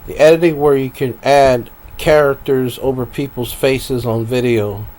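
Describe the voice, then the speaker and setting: A man's voice: medium pitch, steady tone, a little slow, darkish tone. Rambling man live streaming at his desk. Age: adult. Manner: meandering, talks to himself, laughs often.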